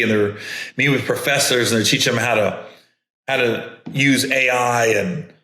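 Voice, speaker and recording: A man's voice: mid-range voice, pushed and bright. A man hosting a podcast, telling casual, rambling stories and mimicking other people's voices. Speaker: podcast host and comedian. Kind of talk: casual storytelling. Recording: echoey room.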